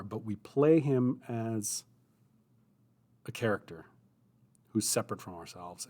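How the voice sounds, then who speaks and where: A man hosting a writing livestream, chatty and self-mocking, thinking aloud as he goes. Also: medium pitch. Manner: chatty, self-mocking, thinks aloud; mutters his draft slowly and softly. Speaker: streamer hosting writing sprints. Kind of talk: casual livestream chat, then muttering while writing.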